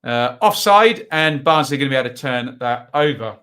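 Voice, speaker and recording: A man's voice: mid-range voice, fairly even intonation, fast talker, pushed and bright, smooth. A man hosting a live football watchalong, giving chatty, rambling commentary full of asides and tag questions. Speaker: watchalong host.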